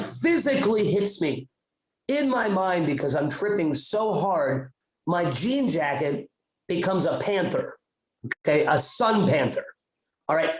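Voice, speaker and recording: Young guy, podcast host, slightly high voice, loose profane storyteller, roomy sound. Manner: profane, rambling, animated retelling. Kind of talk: comic storytelling. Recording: roomy echo.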